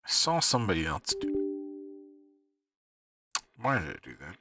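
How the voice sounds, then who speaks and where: A man hosting a livestream, muttering to himself as he fiddles with his software, heard on a distant desk mic. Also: low-pitched, wildly swooping pitch, moderate pace, music in the background. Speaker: livestream host. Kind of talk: casual livestream chatter.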